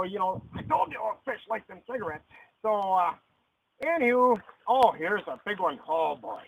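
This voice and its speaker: A man hosting an ad-libbed mock fishing show outdoors by a river, rambling in a deadpan way with lots of fillers. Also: high voice. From Texas. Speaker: comedy fishing show host. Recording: lo-fi camcorder audio outdoors.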